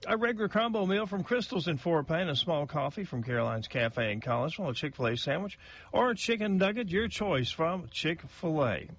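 A man's voice: on the high side, lively intonation, a little fast, fairly bright tone, highs cut off. A middle-aged man, a local radio host reading out birthday announcements in a folksy, chatty way that stumbles over names.

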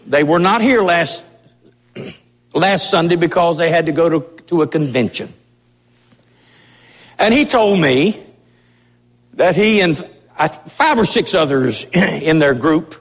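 Male pastor, high voice, impassioned slow sermon, long church-hall echo. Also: expressive, slightly rough. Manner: impassioned, emphatic preaching. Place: church sanctuary.

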